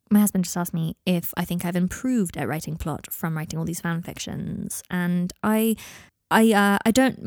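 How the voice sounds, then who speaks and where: A woman talks through her podcast in a casual, rambling way, full of fillers and self-deprecating jokes. Her voice sits a little low, and the recording is close and dry with no room sound. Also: no room sound. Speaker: podcast host and fan fiction writer. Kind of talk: casual reflective podcast talk.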